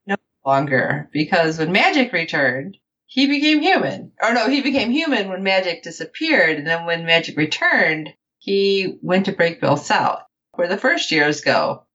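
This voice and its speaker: Woman, podcast co-host, casual recap, animated, lively intonation, dull lo-fi sound. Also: fairly low pitch, moderate pace. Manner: animated, quotes characters in playful voices.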